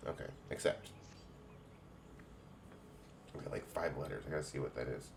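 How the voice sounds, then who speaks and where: A man's voice: extremely low pitch, moderate pace, creaky, long pauses, slight background noise. A man streaming a game, muttering wry, casual asides with some profanity. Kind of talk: casual gameplay commentary.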